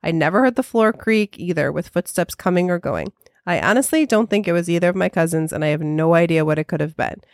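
A woman co-hosting a podcast, reading a listener's ghost story in a soft, measured way and then chatting casually. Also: lowish voice, expressive, no echo, studio quality. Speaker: podcast co-host.

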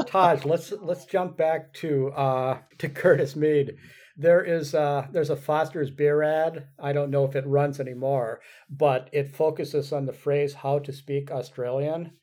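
A man's voice: a little high, fairly even intonation, measured pace, darkish tone. Chatty male podcast host. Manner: chatty, laughs easily. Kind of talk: casual podcast interview.

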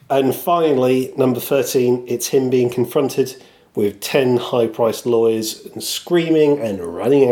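A man's voice: medium pitch, warm tone. Man chatting on a podcast. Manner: quotes lines in put-on voices, chuckles at himself. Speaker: podcast co-host. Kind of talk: casual chat and scripted segment.

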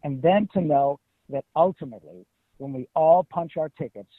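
A middle-aged man from Detroit, telling stories as an interview guest in an animated, emphatic way. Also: fairly high pitch, normal speed, no room sound. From Detroit, USA. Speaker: guest voice actor. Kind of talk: casual interview. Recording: tinny phone-like line.

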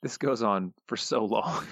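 A man's voice: lowish voice, unhurried, creaky, a bit bright, no echo, studio quality. A man co-hosting a podcast, recapping an episode with sarcastic, wry asides. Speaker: podcast co-host. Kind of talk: casual podcast recap chat.

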